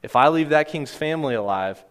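A man's voice: a little high, animated, fairly quick. Guy preaching in a church, chatty and earnest, some hall reverb on it. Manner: earnest, conversational preaching with frequent restarts. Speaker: pastor. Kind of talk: sermon.

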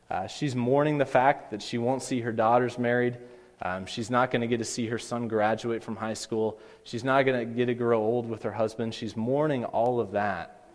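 A man preaching a sermon as a pastor, earnest and building to emphatic pleas. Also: medium pitch. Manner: earnest, rising to emphatic pleas in quoted lines. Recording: long hall reverb.

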